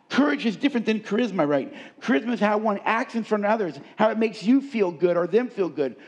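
A man's voice: sits high, a little mellow. A man preaching a sermon from a stage, emphatic and repeating key words for stress. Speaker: pastor. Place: on a stage before a congregation.

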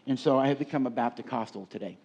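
A man's voice: mid-range voice, fast talker, warm tone, lo-fi sound, slight background noise. A man preaching a sermon from a stage, emphatic and repeating key words for stress. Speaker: pastor. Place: on a stage before a congregation.

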